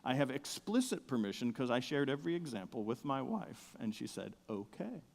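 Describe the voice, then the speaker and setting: A middle-aged man preaching a sermon, with a big outdoor voice, telling stories with humor and swinging from soft asides to loud excited bursts. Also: mid-range voice, brisk, vocal fry, in a large hall, a little hiss or hum. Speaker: pastor. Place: church sanctuary.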